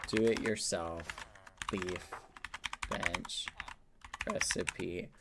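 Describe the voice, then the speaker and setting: A man's voice: fairly low pitch, big pitch swings, drawn-out words, long pauses, background noise. A man casually chatting with his chat during a live game stream, playful and chatty. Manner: playful, chatty, talks to chat while typing.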